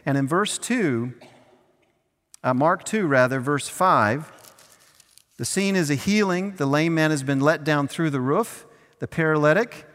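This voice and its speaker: Unhurried and pausing often, this pastor's voice is a little high with a fairly bright tone. He delivers a conversational sermon in church, occasionally acting out small scenes, and the recording carries long hall reverb.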